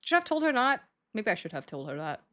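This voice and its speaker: Young woman, streamer, casual chat, self-mocking, laughs often, middle pitch. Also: big pitch swings, fast, a bit bright. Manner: chatty, self-mocking, laughs often, acts out quoted dialogue.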